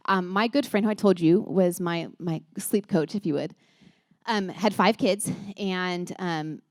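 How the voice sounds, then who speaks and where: A woman's voice: lowish voice, darkish tone, dry recording, clean studio sound. A woman in her thirties speaking to a church group of moms in a chatty, earnest way, often restarting her sentences. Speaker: speaker at a church moms' gathering. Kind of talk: casual talk to a women's group.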